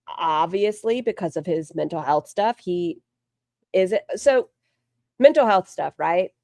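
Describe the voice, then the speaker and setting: Woman streamer, low-pitched and blunt, swears freely and rambles; dry close mic. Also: darkish tone, dry recording. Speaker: streamer commenting on online drama. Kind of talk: casual livestream commentary.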